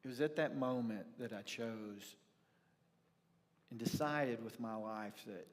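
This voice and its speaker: A man preaching a sermon as the church's pastor, telling a personal story with reflective pauses. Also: medium pitch. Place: church sanctuary. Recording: church livestream with long hall reverb.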